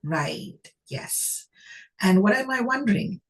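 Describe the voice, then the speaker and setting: A woman's voice: medium pitch, expressive, slow pace, low-quality recording. A woman teaching a phonics lesson, who asks her class questions and praises each answer.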